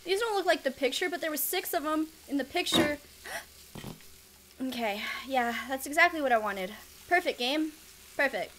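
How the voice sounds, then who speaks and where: A woman's voice: high voice, lively intonation, moderate pace, background noise. A woman giving casual gameplay commentary, flustered and self-mocking, laughing often. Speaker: let's play gamer.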